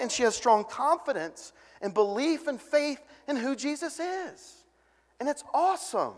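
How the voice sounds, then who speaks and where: A man preaching a sermon as a pastor, conversational and animated, acting out voices when he quotes people. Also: very high-pitched, in a large hall.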